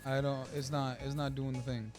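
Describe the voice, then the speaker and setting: A man streaming a video game, chatting casually and excitably with plenty of filler words. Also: medium pitch, normal speed, over music. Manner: excitable, rambling, lots of filler. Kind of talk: casual gameplay commentary.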